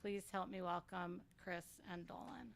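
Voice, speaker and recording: A woman's voice: lowish voice, steady tone, a little slow, creaky, very noisy. A woman hosting a bookstore author event gives housekeeping notes and introductions in a friendly, informal way with fillers.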